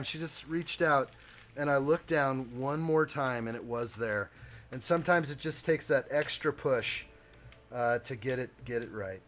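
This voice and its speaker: A man's voice: medium pitch, measured pace, fairly bright tone, soft background music. A man hosting a live stream, chatting casually with viewers while he builds a model kit.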